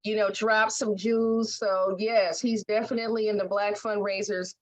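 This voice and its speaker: A woman's voice: medium pitch, little pitch movement, normal speed. A woman hosting a podcast interview, speaking in an emphatic, folksy, heartfelt way. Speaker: podcast host. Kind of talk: conversational interview.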